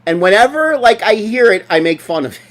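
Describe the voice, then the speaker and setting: Lively, profane sports-rant co-host. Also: mid-range voice, fairly quick. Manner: profane, ranting, mocking. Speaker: podcast co-host. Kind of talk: casual sports chat.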